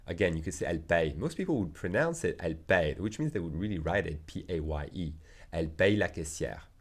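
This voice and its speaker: Native French-speaking male teacher, lowish voice, patient step-by-step lesson delivery with slow repetitions. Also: animated. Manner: patient, repeats phrases slowly for learners. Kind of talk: video language lesson.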